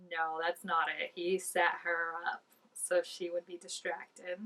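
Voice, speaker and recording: A woman giving casual, excitable reaction commentary, full of "like" and dropping into soft asides. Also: on the low side, slow, far from the mic, low-quality recording. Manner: chatty and excitable, peppered with "like", drops to soft asides. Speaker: reaction video host.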